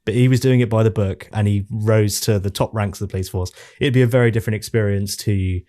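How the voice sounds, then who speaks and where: A man co-hosting a casual game-review podcast, telling stories in an animated, exasperated way. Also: on the low side, fast talker. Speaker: podcast co-host. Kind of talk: casual chat.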